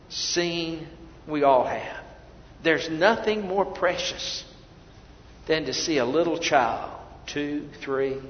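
A male pastor preaching a sermon, swinging between soft, hushed lines and loud emphatic ones and often repeating words as he restarts. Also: fairly high pitch, a little hiss or hum. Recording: echoey hall, dull lo-fi sound.

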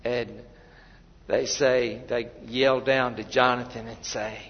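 A man preaching a sermon, fervent and emphatic, building to loud peaks and often restarting his phrases. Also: medium pitch, little pitch movement, slow pace, breathy edge. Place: church sanctuary. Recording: long hall reverb, dull lo-fi sound.

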